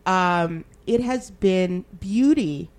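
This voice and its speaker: A woman's voice: on the low side, lively intonation, very slow, darkish tone. A young adult woman from Canada, co-hosting a podcast in casual chat, candid and emphatic with casual swearing. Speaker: podcast co-host.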